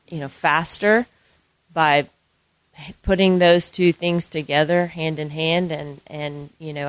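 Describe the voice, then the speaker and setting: Soft-spoken woman golf instructor. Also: sits low, no echo. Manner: soft-spoken, many ums and you-knows. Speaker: golf instructor and fitness trainer. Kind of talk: casual interview answers.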